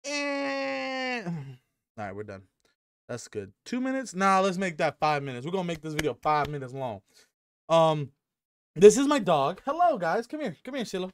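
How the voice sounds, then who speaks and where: A man's voice: fairly high pitch, big pitch swings, normal speed. A young man chatting to camera at home in a rambling, joking way, swearing freely and filling gaps with ums. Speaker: gaming YouTuber. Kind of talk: casual rambling vlog to camera. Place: at home with his dog. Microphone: headset.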